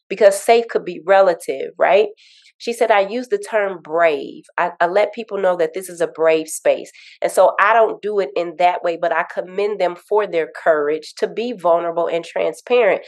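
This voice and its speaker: A woman grief coach talking in an interview, earnest and animated, telling stories and repeating affirmations. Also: on the low side. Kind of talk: interview conversation.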